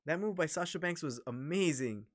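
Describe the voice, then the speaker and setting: A man with a Toronto accent, giving chatty, excitable commentary during a wrestling watch-along livestream. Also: on the high side, moderate pace, dry recording, clean studio sound, faint music behind. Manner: chatty, excitable, reacts to the action. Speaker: livestream host.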